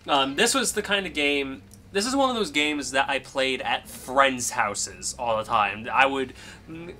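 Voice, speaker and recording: A man's voice: mid-range voice, animated, unhurried, sharp tone, slight background noise. A young man streaming a video game, chatting casually and rambling, and laughing easily.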